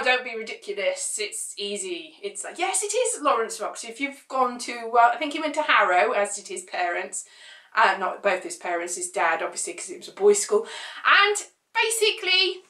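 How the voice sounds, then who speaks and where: A woman's voice: fairly high pitch, pushed and bright, roomy sound. A woman chatting casually to camera, rambling through opinionated points with sarcastic asides. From United Kingdom. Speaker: vlogger.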